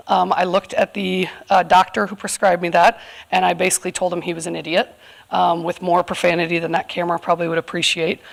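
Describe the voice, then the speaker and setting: A woman's voice: fairly low pitch, vocal fry. A woman from California, in her thirties, speaking candidly and earnestly to a live audience, with frequent fillers. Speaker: community event speaker. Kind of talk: personal talk to a live audience.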